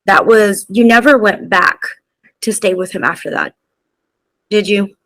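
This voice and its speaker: A woman's voice: medium pitch, measured pace, fairly bright tone, dry recording, poor audio. A woman hosting a podcast, responding with empathy and asking reflective follow-up questions. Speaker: podcast host. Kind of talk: interview conversation.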